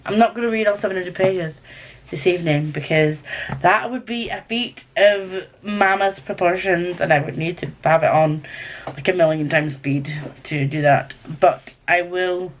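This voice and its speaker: A young woman with a Scottish accent chatting casually to camera about her books, rambling and excitable. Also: lowish voice, moderate pace, a little hiss or hum. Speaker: book vlogger.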